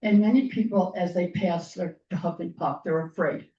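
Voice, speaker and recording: A woman guest speaker telling personal stories to a group, earnest and clearing her throat often as her voice gives out. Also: on the low side, normal speed. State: losing her voice. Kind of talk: personal storytelling talk. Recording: roomy, distant, dull lo-fi sound.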